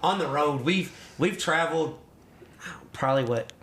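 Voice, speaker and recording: High-voiced laid-back male podcast host. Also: normal speed, fairly bright tone. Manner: loose, laughing, swears casually. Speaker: podcast host, former racer. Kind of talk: casual chat. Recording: echoey room.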